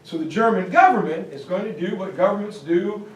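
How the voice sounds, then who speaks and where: A man teaching a history class in a lively way, acting out quotes as he explains. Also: high-pitched, fairly quick. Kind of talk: classroom lecture. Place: lecture room. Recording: echoey room, voice from far off.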